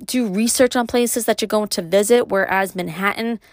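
A middle-aged woman with a Brooklyn accent hosting her own podcast, talking alone in a casual, rambling way with many pauses and restarts. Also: medium pitch, no room sound, clean studio sound. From New York. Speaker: podcast host. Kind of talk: casual solo podcast monologue.

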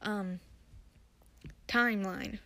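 A woman's voice: medium pitch, steady tone, extremely slow, bright, forceful tone. A woman hosting her own podcast, recapping a TV episode in a chatty, rambling way with many fillers and restarts. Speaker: podcast host.

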